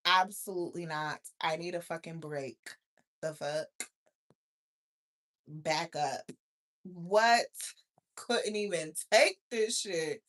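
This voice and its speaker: A woman's voice: fairly low pitch, slow pace, long pauses, a bit bright. A woman hosting a live stream in casual chat, talking bluntly and profanely to her viewers. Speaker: livestream host.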